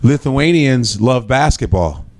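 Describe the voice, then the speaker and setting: An American comedian, a man, chatting as a podcast guest and telling stories in an animated, profane way. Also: medium pitch, takes it slowly. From United States. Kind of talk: casual chat.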